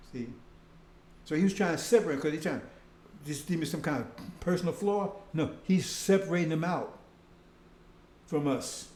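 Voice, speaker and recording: High-voiced man preaching in an echoey room. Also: moderate pace, pauses often, a little mellow. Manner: conversational preaching with frequent "see?" and "right?". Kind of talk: sermon.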